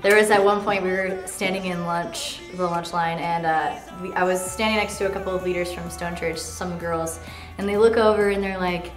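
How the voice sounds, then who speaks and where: A woman youth leader casually retelling a camp moment, mimicking others with high squeals. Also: fairly even intonation, moderate pace. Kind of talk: casual storytelling to camera. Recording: roomy, faint music.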